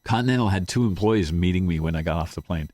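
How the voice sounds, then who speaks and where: A man with a very deep, low voice tells a painful story from his own life as an interview guest. He speaks haltingly and slips into quoting what he said at the time. The sound is close and dry, with no room around it. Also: a little mellow, no room sound. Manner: halting, retells his own words in quotes. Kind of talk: emotional personal storytelling.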